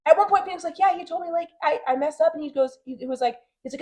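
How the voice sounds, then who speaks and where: A woman in her thirties co-hosting a podcast, chatting casually and animatedly, often acting out what others said. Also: very high-pitched. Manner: animated, talks fast and acts out quotes. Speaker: podcast co-host. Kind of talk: casual chat.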